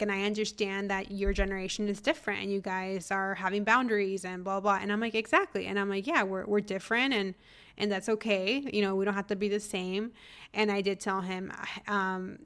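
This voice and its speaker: A woman's voice: medium pitch, fairly quick. A young adult woman hosting a podcast, telling a family story in a casual monologue and acting out what her relatives said. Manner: animated, acts out family members' lines. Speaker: podcast host.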